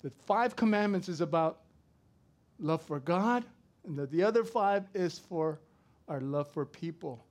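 A middle-aged man preaching a sermon, swinging from loud to soft as he tells a story. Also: a little high, lively intonation, measured pace. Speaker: pastor.

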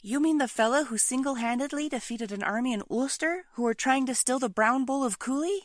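A woman's voice: sits high, a little fast, dry recording, clean studio sound, lightly acted. A woman voicing a snarky tourist who heckles the tour guide with sarcastic interruptions. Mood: heckling.

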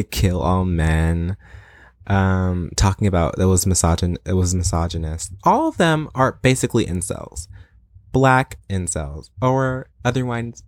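Deep-voiced young man rambling on a podcast. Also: darkish tone, dry recording. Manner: rambling and playfully self-aggrandizing, with laughs and dramatic asides. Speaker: podcast host. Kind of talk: casual solo podcast rant.

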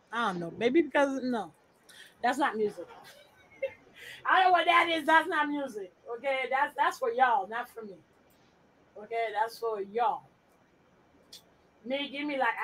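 A woman co-hosts a podcast, chatting casually while sorting files on screen, blunt and profane and muttering to herself. Her voice is fairly high and husky, at normal speed, and the recording is rough.

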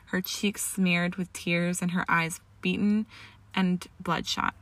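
A woman narrates a story in a steady, measured voice. Her tone is bright and slightly gravelly, sitting a little low for a woman, and the sound is dry and close. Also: no echo. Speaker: fan fiction reader.

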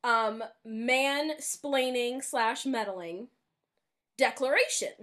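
High-voiced young woman, sarcastic chat. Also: slow. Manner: animated, sarcastic, laughs often. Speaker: podcast co-host. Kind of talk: casual book discussion chat.

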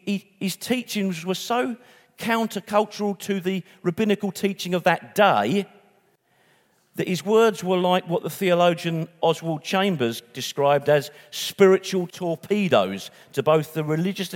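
A man's voice: high voice, unhurried, in a large hall. A man preaching a sermon in a conversational way, with restarts and asides.

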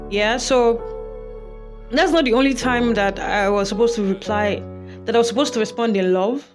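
A woman hosting a reflective advice talk, speaking earnestly and repeating her key points. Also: medium pitch. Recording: music playing underneath. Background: background music.

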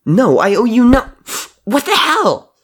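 A man's voice: big pitch swings, unhurried, a bit bright, full character voice. A man voicing a large cowardly man who whines and screeches in a raised, panicky voice. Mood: whining. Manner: whiny, high and panicky.

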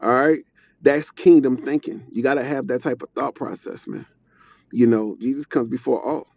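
A man's voice: mid-range voice, moderate pace, vocal fry, darkish tone, highs cut off, a little hiss or hum. A young man giving an informal, earnest preaching talk, conversational and repeating his points. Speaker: devotional speaker.

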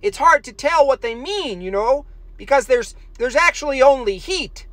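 Man, high voice, dry close sound, rambling deadpan artist streaming while he draws. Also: moderate pace, dry recording. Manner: rambling, deadpan jokes, trailing fillers. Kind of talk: casual rambling stream chat.

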